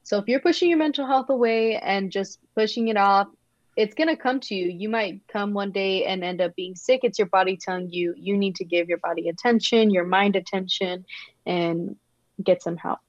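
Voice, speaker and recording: A woman's voice: mid-range voice, normal speed, no echo, dull audio. A woman chatting casually as a podcast co-host, earnest and agreeable. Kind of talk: casual chat.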